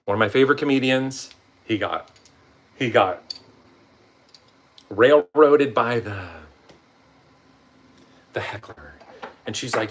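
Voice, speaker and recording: This man's motivational vlog is a casual, rambling monologue full of swearing and quotes he performs in assorted voices, his own and other people's. He speaks in a lowish voice at a measured pace, pausing often.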